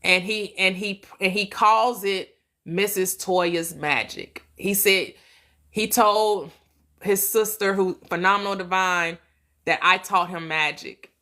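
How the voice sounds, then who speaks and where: Woman on a live stream, slow and halting, bright sharp voice, heartfelt and chatty, bit of aave. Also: medium pitch, fairly even intonation. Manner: slow, halting speech with many restarts and fillers; emotional, heartfelt storytelling. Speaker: host of a manifestation channel. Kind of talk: casual live-stream chat.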